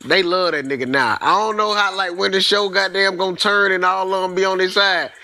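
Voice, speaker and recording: A man's voice: high-pitched, fairly quick, bright, forceful tone, faint music behind. A man co-hosting a comedy podcast, teasing his friends in casual, profane banter and laughing often. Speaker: podcast co-host. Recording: noticeable background noise.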